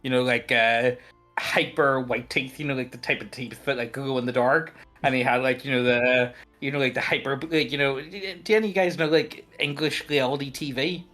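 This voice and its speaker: A man rambles through a story at a tabletop game, joking and piling on fillers. His voice sits in a middle pitch, with faint music in the background. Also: fairly even intonation, brisk, bright, forceful tone. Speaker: player. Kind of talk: casual tabletop role-play chat.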